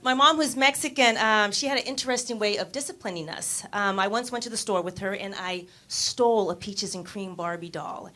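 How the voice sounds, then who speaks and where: A young woman performing a stand-up comedy set on a club stage, landing her punchlines deadpan and putting on voices for the people she quotes. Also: mid-range voice, brisk, few pauses.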